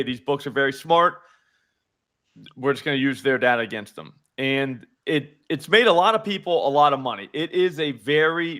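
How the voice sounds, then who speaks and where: A man hosts a live sports betting show, walking through his picks in quick, lively, casual speech packed with filler words. His voice sits at a medium pitch.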